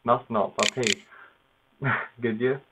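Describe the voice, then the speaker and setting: A man casually narrating his own language practice, halting over foreign words and laughing at himself. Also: mid-range voice, fairly even intonation. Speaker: language learner. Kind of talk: casual self-narrated study session. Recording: tinny phone-like noisy recording.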